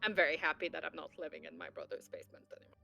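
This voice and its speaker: A woman's voice: low voice, very animated, very fast, vocal fry, pushed and bright, faint music behind. A woman telling a story in casual chat, full of filler words. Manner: chatty, many filler "like"s. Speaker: tabletop game player.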